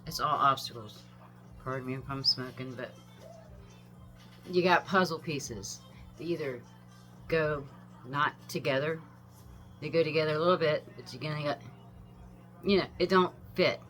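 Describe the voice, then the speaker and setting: A woman's voice: low-pitched, normal speed, pauses often, fairly bright tone, faint music behind. A woman in her fifties giving a rambling, emotional personal monologue, swearing freely, trailing off and restarting. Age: 50s. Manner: emotional, profane, meandering, frequent sighs and laughs. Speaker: vlogger.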